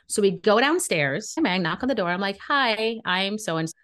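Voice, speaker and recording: A woman from Brooklyn tells a story in casual podcast chat. She is animated and indignant and plays out each side of the conversation. Her pitch stays in a middle range. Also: normal speed. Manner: animated, indignant, acts out dialogue. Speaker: podcast co-host.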